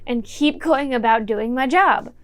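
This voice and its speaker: A woman's voice: sits high, measured pace. A young woman in a casual storytime vlog, chatty and wry, swearing freely while she tells what happened, filmed at home on a camera mic. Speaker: YouTuber telling a story.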